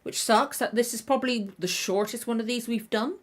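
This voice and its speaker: A woman's voice: fairly high pitch, steady tone, a little fast. Woman host, tired, throat a bit tender, rambling casual stream chat with constant restarts. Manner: rambling, self-correcting. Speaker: reaction channel host.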